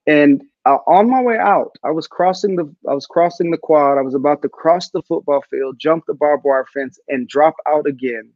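A man's voice: on the high side, moderate pace, few pauses, no room sound, dull audio. A man speaking as a guest over a video call, telling a personal story with animation and acting out the voices of others. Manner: animated storyteller who acts out quotes. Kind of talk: storytelling interview answer.

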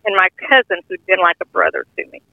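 A woman's voice: on the low side, wildly swooping pitch, fast, dry recording. An older woman earnestly telling a heartfelt personal testimony in plain, informal speech. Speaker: guest sharing a testimony. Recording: tinny phone-line audio, dry.

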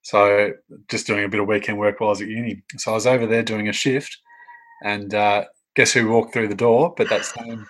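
A middle-aged man with an Australian accent, interviewing in a relaxed conversation and telling animated stories. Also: lowish voice, a little fast, poor audio. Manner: chatty storyteller, animated when telling anecdotes. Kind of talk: casual conversation.

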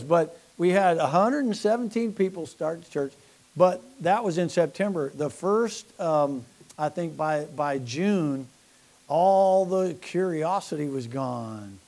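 Older pastor telling stories from the pulpit, kinda high voice, chatty and animated. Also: male voice, takes it slowly. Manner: folksy, animated storytelling with laughs and asides. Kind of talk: sermon storytelling.

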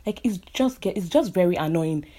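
A woman's voice: lowish voice, animated, normal speed, dark tone. A young woman from Nigeria with a Nigerian accent, an architect, talking in an impassioned, indignant vlog rant and repeating phrases for emphasis.

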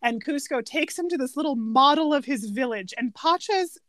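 High-voiced woman eagerly retelling scenes. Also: normal speed, dry recording. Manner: lively, eager storytelling. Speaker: podcast co-host. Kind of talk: casual chat about a film.

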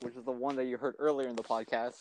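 A man's voice: medium pitch, little pitch movement, quick pace, slight background noise. A young man co-hosting a casual podcast, teasing a friend with lots of laughter and stumbling restarts. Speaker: podcast co-host.

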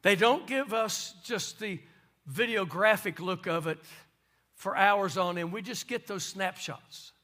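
A man preaches a sermon in a high, bright voice. He moves between hushed, conversational asides and ringing, emphatic declarations. He sounds like a pastor speaking to his congregation. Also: a little slow. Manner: preaching with swings from soft asides to loud emphasis.

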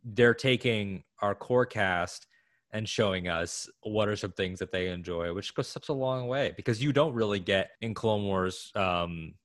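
A man co-hosting a podcast in casual chat, speaking with enthusiasm in quick bursts. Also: on the low side, no room sound, clean studio sound. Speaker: podcast co-host.

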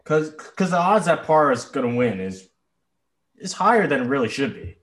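Animated, exasperated man. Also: on the high side, moderate pace. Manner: animated, exasperated, swears freely. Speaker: podcast co-host. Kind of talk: casual chat.

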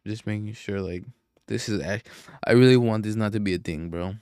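A man's voice: lowish voice, a little fast, darkish tone, clear, resonant tone, no room sound, studio quality. A young man hosting his own podcast alone, rambling in a casual, profane and self-deprecating way. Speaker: podcast host. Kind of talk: casual solo podcast monologue.

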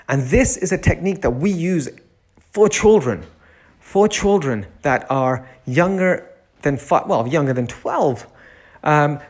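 A man who runs a nursery, giving a reflective self-help talk, repeating key phrases and lingering on words. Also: medium pitch.

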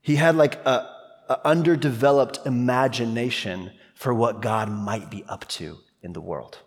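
A man preaching a sermon as pastor, talking in a conversational, animated way with quick asides. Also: mid-range voice, in a large hall.

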